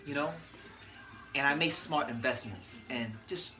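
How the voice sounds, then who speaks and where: A man imitating a smug retired champion boxer, speaking in a measured, self-praising way and leaning on fillers. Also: medium pitch, sharp tone, faint music behind.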